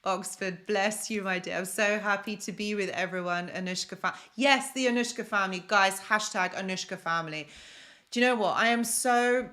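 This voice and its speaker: In a mid-range, bright voice with a forceful tone, a young woman from London chats through her casual self-help live stream. She answers comments from viewers and repeats phrases for emphasis.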